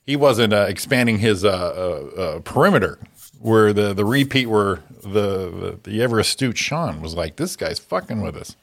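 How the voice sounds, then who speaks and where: A man hosting a morning radio show, chatting in a relaxed, blunt way and steering the talk to the next segment. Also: lowish voice, normal speed. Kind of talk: casual radio chat.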